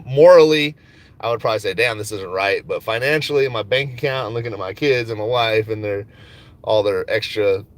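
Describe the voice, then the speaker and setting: A man of medium pitch with a slightly bright voice livestreams from his phone, chatting loosely about his stock picks. As a stock market vlogger, he talks in the car and in a coffee shop line, joking, swearing freely and laughing often in a laid-back way.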